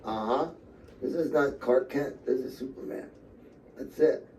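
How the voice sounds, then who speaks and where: A man hosts a podcast and keeps things loose and joking, echoing each question before he answers it. His voice is warm and mellow. He sounds like he's sitting a little distance away from the microphone. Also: medium pitch, a little slow. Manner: playful, repeats the questions aloud. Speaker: podcast host. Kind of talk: casual chat. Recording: distant from the mic.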